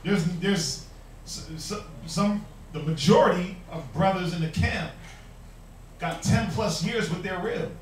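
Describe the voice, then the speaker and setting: A man's voice: high voice, unhurried, a little hiss or hum. A man teaching a Bible class, preaching emphatically with rhetorical questions and mocking quotes. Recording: echoey room, mic far off.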